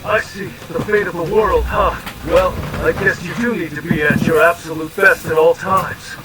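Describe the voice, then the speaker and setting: A man's voice: a little high, steady tone, normal speed, background noise, close to an everyday voice. A synthetic male voice reading a scoffing, irritable male robot fighter in a role-play chat. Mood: irritated. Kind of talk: text-to-speech role-play narration.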